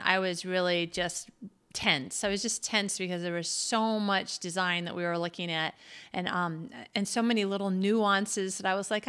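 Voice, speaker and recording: Bright-voiced chatty American woman. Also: medium pitch, moderate pace. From United States. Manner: chatty, self-deprecating, laughs often. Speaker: podcast host and author. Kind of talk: casual solo monologue.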